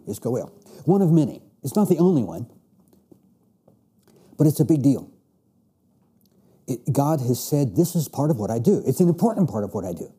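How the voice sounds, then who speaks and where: A man's voice: medium pitch, dark tone, husky. A man teaching a Bible class, reading verses aloud and explaining them with emphatic restarts. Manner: reads scripture then explains with emphatic restarts.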